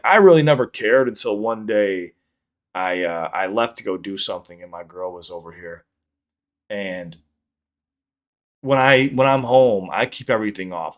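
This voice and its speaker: A man's voice: fairly low pitch, fairly bright tone. A man telling stories casually from his home office, rambling and swearing, with lots of fillers and restarts. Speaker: YouTube content creator. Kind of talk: casual storytelling to camera.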